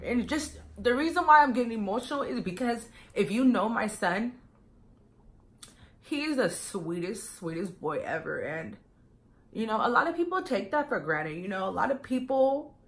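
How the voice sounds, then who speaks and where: A young woman vlogger chatting casually to her viewers, full of fillers and often calling them you guys. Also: mid-range voice. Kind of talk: casual get-to-know-me chat.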